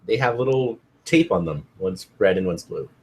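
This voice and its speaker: A man co-hosting a casual watchalong commentary, sharing relaxed anecdotes. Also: fairly low pitch, normal speed, a little hiss or hum. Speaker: co-host.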